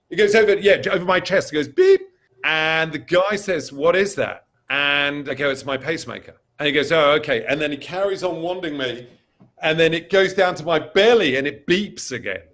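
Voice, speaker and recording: Animated man telling a comic anecdote. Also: fairly high pitch. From England. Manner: animated storyteller who acts out other people's lines. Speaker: interview guest.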